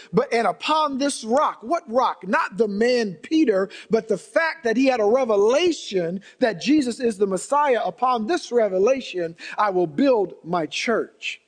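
A man preaching a sermon, emphatic and repetitive, slipping into quoted voices of believers and scripture. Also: sits high. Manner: emphatic, repeats phrases, acts out quoted voices.

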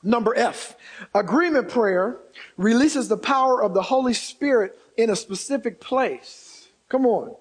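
A man preaching a sermon as pastor, animated, acting out quotes and building to shouts. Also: extremely high pitch, measured pace, breathy edge. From Indiana.

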